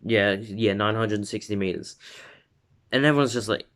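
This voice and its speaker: Lowish-voiced man rambling through a fan story. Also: moderate pace, fairly bright tone. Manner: rambling with fillers and laughs, acts out quotes. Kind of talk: casual spoken story retelling.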